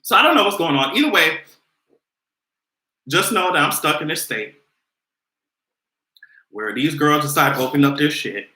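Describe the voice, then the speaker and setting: A young man talks on a livestream in a sassy, animated way, cursing freely. His voice sits a little high, swings widely in pitch and sounds very bright and sharp. The sound bounces around a roomy, echoey space. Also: moderate pace, pauses often. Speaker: vlogger hosting a livestream. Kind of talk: casual livestream commentary. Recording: roomy echo.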